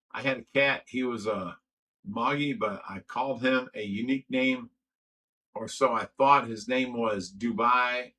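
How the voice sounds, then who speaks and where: A man's voice: mid-range voice, bright, forceful tone, poor audio. A man hosting a casual livestream, reading out viewer comments and trash-talking in a brash, boastful way.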